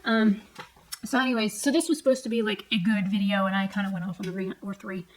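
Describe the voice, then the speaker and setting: A woman's voice: mid-range voice, steady tone, fast talker, low-quality recording. A woman, venting at home in a casual vlog rant. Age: 40s. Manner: angry, profane, heated retelling. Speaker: vlogger. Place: home, at night, seated on a stool.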